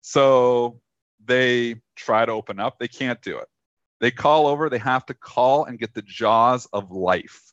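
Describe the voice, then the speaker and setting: A man on a live talk show telling a long, rambling anecdote full of fillers, with lively quoted voices for the people in it. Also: mid-range voice, a little slow, no echo, highs cut off. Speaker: co-host telling a story. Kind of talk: casual storytelling on a live trading show.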